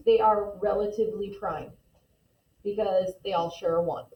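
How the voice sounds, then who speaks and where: A woman teaching a math class with a patient, step-by-step manner, her voice a little higher than most. She is picked up from across an echoey classroom, and the sound is muffled and lo-fi. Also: recorded from a distance. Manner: patient, explains step by step, calls on students. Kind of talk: classroom lesson. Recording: echoey classroom recorded from afar, dull lo-fi.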